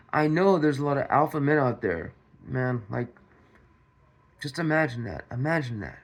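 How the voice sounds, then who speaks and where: A man's voice: mid-range voice, animated, normal speed, creaky. A man hosting a commentary monologue, repeating himself and throwing rhetorical questions at his viewers. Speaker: commentary channel host.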